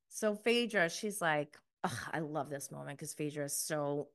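A woman giving a casual, chatty recap review, emphatic and quick to laugh, with lots of "like". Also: deep voice, a bit bright.

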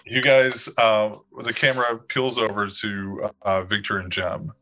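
Bright-voiced man running a tabletop game. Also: fairly low pitch, level tone, unhurried, poor audio. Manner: chatty, laughing, full of fillers. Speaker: game master. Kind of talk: narrating a tabletop role-playing game.

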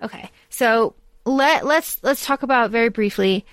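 A woman's voice: a little high, unhurried, clean tone, no room sound. A woman co-hosting a book podcast in casual chat, blunt and swearing freely, acting out scenes as she retells them. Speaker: podcast co-host.

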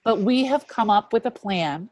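A woman in her fifties sharing a personal faith testimony as an interview guest, earnest and reflective, often dropping to a hushed voice. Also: mid-range voice, lively intonation, normal speed, no echo. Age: 50s.

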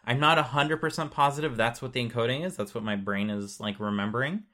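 A man's voice: medium pitch, quick pace, sharp tone. Guy walking a friend through how bits get sent, lots of um and like, easygoing. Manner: patient, chatty, lots of fillers and hedges. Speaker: explainer. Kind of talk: casual explanation.

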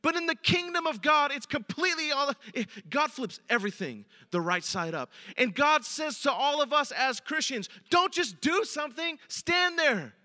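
A man's voice: extremely high pitch, very animated, normal speed, few pauses, sharp tone. A man preaching a sermon as a pastor, speaking conversationally and addressing the congregation directly. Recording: long reverb of a large hall.

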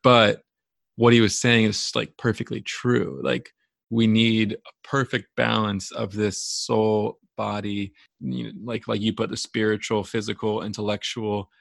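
A man's voice: lowish voice, level tone, measured pace, gravelly, a bit bright, no echo, clean studio sound. A man co-hosting a casual podcast discussion, searching for words with stammering restarts. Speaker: podcast co-host.

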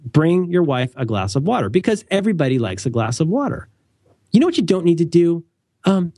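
A man's voice: fairly high pitch, sing-song, brisk, dark tone, no echo, clean studio sound. A young adult man co-hosting a casual talk show. He rambles, corrects himself often and adds wry asides. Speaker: podcast co-host. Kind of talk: casual conversational chat.

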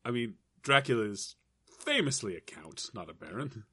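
A man co-hosting a podcast, doing a deadpan comedy bit in a dry, mock-formal way with halting fillers. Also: medium pitch, breathy edge, no echo. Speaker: podcast co-host.

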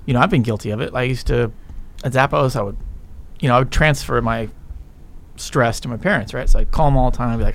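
A man hosting a podcast in a casual, ranting style, frank and profane as he tells animated stories. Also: medium pitch, fast, slight background noise. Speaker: podcast host.

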